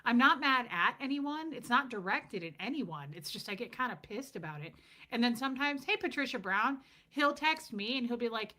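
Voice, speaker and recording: A woman's voice: on the high side, lively intonation, a little fast, pushed and bright. A middle-aged woman hosting a casual livestream, joking and greeting viewers by name as she reads their comments.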